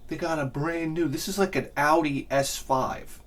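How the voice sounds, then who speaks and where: A middle-aged man telling a rambling, self-mocking comic story with lots of swearing and loud bursts of laughter. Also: fairly high pitch, moderate pace. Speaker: video game collector vlogger.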